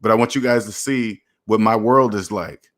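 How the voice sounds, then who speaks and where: Here the personal finance host has a lowish, slightly bright voice and keeps a moderate pace. He lectures his audience directly during a motivational livestream, hammering points home with preachy repetition and emphasis.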